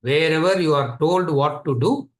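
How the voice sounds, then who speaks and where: A man's voice: on the high side, normal speed. Echoey Tamil-accented man lecturing. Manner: repetitive, rhetorical, conversational teaching. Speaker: Vedanta teacher. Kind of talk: scripture lecture.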